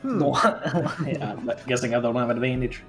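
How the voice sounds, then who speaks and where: A man's voice: medium pitch, lively intonation, moderate pace, soft background music. A man playing a tabletop role-playing game, trading crude jokes and banter in casual chat. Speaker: player.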